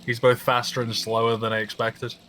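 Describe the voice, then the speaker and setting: A man playing a gruff, proud male captain who gives orders firmly. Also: mid-range voice, monotone, fairly quick, sharp tone, a little hiss or hum, close to an everyday voice. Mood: commanding.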